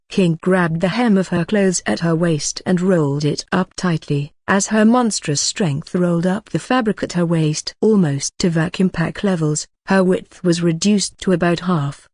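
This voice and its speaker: Audiobook narrator, mid-pitched, steady matter-of-fact read, dry close sound. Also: moderate pace, few pauses, no echo. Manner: even, matter-of-fact reading. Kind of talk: scripted narration.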